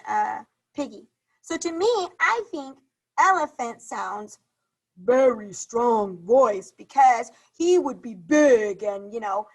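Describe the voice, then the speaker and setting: A woman's voice: high voice, a bit bright, low-quality recording. A woman teacher on a video call, leading a reading lesson for young children, encouraging and repeating questions to the class.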